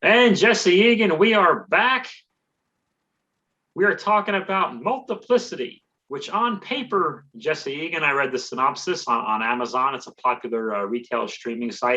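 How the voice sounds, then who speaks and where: A man's voice: mid-range voice, a little fast, bright, forceful tone, highs cut off. A man hosting a comedy podcast, recapping a movie in a rambling, sarcastic way.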